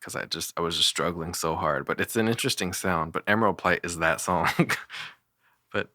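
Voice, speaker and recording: A man's voice: low-pitched, a little fast, bright, forceful tone, dry recording, studio quality. A young man casually talking through his own songs, rambling with many fillers and self-deprecating laughs. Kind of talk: casual solo commentary.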